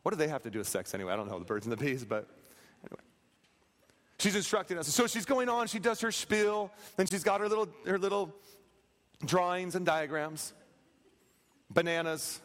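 Animated preacher man in a reverberant hall. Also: on the high side, brisk, long pauses. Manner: animated, acts out quotes, plays for laughs. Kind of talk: sermon with storytelling.

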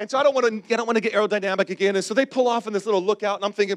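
A man's voice: very high-pitched, steady tone, very fast, fairly bright tone. A man in his forties, a pastor telling a humorous personal story in a sermon and calling out to the congregation.

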